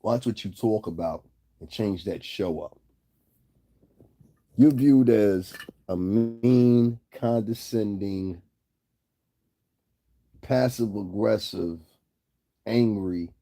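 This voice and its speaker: A man lectures a rival in loose, laid-back talk. His voice is low and gravelly with a warm, mellow tone, recorded dry and close. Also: dry recording. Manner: laid-back, talks straight to a rival, laughs often. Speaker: YouTube commentator. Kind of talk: casual direct-address commentary.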